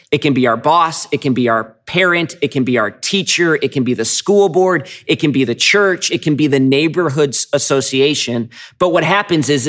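A man's voice: fairly high pitch, a bit bright. A male pastor preaching a sermon in a conversational way, often repeating words as he starts a phrase. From Michigan.

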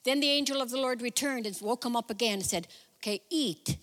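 A woman preacher retells a Bible story in a lively, conversational sermon full of her own asides. Her voice sits a little high, and the long reverb of a large hall trails after every phrase. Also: fast talker. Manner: chatty, animated retelling with personal asides.

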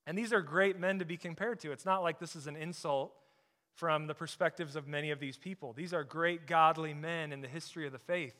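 A man preaching a sermon as pastor, emphatic, often dropping to a soft, intense tone on key points. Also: on the high side, a little fast.

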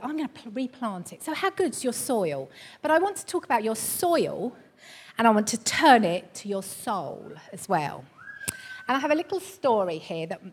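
A middle-aged woman preaching a sermon, telling stories in a conversational way and building to emphatic high points. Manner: conversational storytelling with rising emphasis. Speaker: church preacher.

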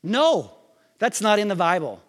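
A man's voice: sits high, lively intonation, normal speed, fairly bright tone. A man preaching a sermon in a conversational way, asking the listeners questions and acting out scripture scenes. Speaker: pastor.

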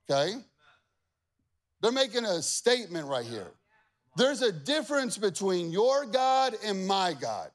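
A man preaching a sermon, reading scripture aloud with acted-out voices, jumping from loud emphatic lines to quiet asides. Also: sits high, very animated, unhurried, pauses often. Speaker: pastor.

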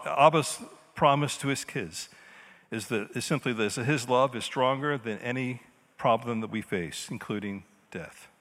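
Man preaching in a reverberant church. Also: on the low side. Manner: dynamic preaching, swinging between loud emphasis and quiet intimacy. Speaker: pastor. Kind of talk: sermon. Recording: long hall reverb.

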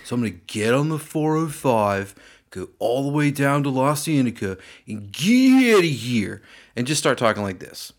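A man putting on a drawling, upbeat voice as a loud laid-back Californian dude. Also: mid-range voice, very animated, moderate pace, voice pushed up, natural voice. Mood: goofy.

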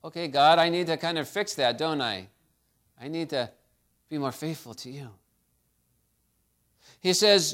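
Male pastor, higher register, animated sermon delivery with strong dynamic swings. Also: normal speed, long pauses. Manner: storytelling, animated preaching with swings in loudness.

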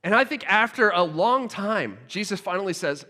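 A man preaching a sermon, retelling a scripture scene with expressive storytelling that drops to a hush and rises with excitement. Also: sits high, moderate pace, hardly any pauses, in a large hall. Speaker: pastor.

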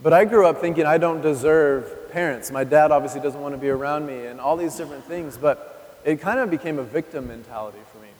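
A man's voice: a little high, fairly quick, darkish tone. Male preacher, 30s, candid testimony delivered conversationally to the congregation; live recording in a reverberant hall. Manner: candid, conversational, addresses the audience directly. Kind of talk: personal testimony sermon. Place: church hall.

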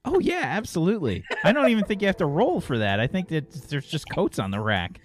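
A man's voice: a little high, huge pitch swings, brisk. A man from the United States running a tabletop game as game master, talking loosely with many fillers.

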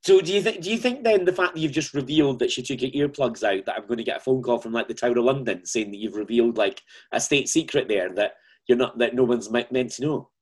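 A man's voice: medium pitch, quick pace, darkish tone, slightly rough. A male interviewer in a casual chat, asking playful, teasing questions.

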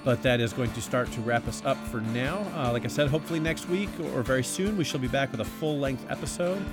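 A man's voice: mid-range voice, fast. Male podcast co-host, easygoing and chatty, mid-range voice, faint music under the talk. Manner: easygoing, chatty, laughs often. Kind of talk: casual podcast chat.

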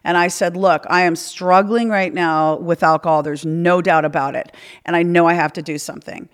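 A woman podcast host telling a personal story in a blunt, profane, animated way, rambling and acting out dialogue. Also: on the low side, normal speed, smooth. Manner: rambling with restarts and quoted dialogue. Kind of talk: candid conversational storytelling.

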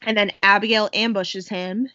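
A young woman co-hosting a podcast, chattily recapping a movie with quick acted-out quotes. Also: mid-range voice, fairly even intonation, pushed and bright, no echo, lo-fi sound. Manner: chatty, quick quoted voices, laughs often. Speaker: podcast co-host. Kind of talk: casual chat recapping a movie.

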